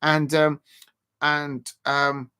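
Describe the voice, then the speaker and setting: A man giving rambling, casual live commentary on a match and shouting out viewers by name. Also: a little high, completely flat delivery, very slow, smooth. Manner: rambling, chatty, lots of fillers, shouts out viewers. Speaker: live stream host.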